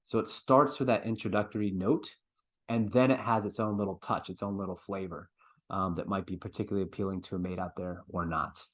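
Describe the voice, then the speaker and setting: Male presenter, lower register, casual lecturing style with filler words. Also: steady tone, fairly quick. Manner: conversational, explanatory, with many fillers and restarts. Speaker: birding presenter.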